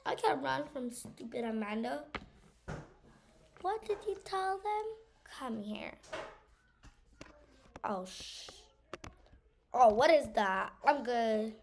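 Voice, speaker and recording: A woman's voice: a little high, expressive, takes it slowly, gravelly, long pauses, noisy background. A woman giving casual gameplay commentary, teasing and saying "bro" a lot. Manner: teasing, says "bro" a lot, scared outbursts. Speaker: gamer.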